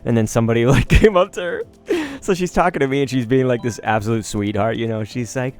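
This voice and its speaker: A man's voice: mid-range voice, fast, hardly any pauses, faint music behind. Profane rambling man telling stories. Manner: animated, profane, rambling anecdotes. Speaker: gaming commentator. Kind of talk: casual storytelling over gameplay.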